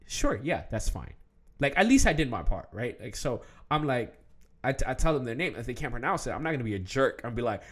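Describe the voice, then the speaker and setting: A young man talking casually to the camera, animated, with many fillers, restarts and laughs. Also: medium pitch, fairly quick, breathy edge. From Ethiopian heritage, raised in the West.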